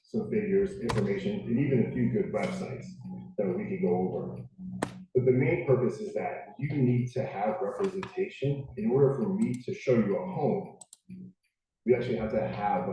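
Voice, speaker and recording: Upbeat agent in an echoey room. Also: male voice, dark tone. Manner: upbeat, reassuring sales pitch. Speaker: real estate agent. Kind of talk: sales role-play. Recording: roomy distant clip, faint noise.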